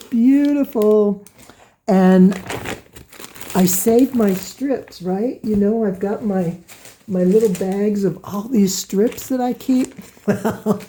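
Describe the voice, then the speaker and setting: A woman hosting a quilting vlog, gushing with excited exclamations as she shows items to the camera in her home sewing room. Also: medium pitch, slight background noise. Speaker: quilting channel host. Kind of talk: casual show-and-tell vlog. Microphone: camera close by on a table.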